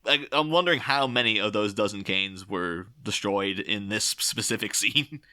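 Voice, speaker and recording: A man co-hosting a casual podcast, chatty and animated, laughing often as he retells quotes. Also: on the low side, moderate pace. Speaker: podcast co-host.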